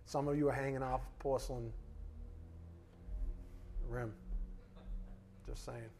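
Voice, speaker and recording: A man teaching a Bible lesson in a relaxed, conversational way, often checking in with his listeners with "right?". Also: medium pitch, slow pace, gravelly, pauses often, slight background noise.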